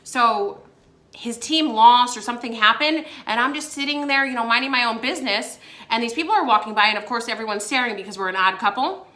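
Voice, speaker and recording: A young woman casually telling a story to her viewers, giggling between phrases and filling pauses with "like" and "um". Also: fairly high pitch, bright, forceful tone. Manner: giggly, laughs between phrases, many fillers. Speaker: vlogger.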